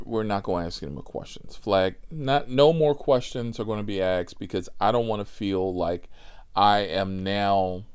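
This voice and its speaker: A rideshare driver telling a personal story, profane and animated, with laughing asides. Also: male voice, low-pitched.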